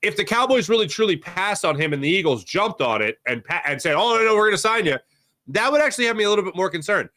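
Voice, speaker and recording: Casting note: Philly-male sports host, bright, dry close sound, loose rambling banter with the chat. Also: sits high, sing-song, quick pace, no echo. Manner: rambling, jokey, reacts to chat names. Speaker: sports talk show host. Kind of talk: casual live-stream chat reading comments.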